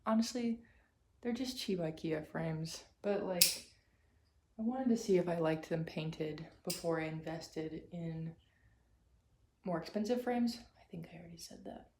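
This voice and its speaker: A woman's voice: lowish voice, slow pace. A woman artist chatting casually to camera in her studio, rambling with lots of fillers and side remarks. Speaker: artist and vlogger. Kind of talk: casual vlog chat to camera. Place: indoor art studio. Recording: echoey room with steady background noise. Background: room ambience, a passing train.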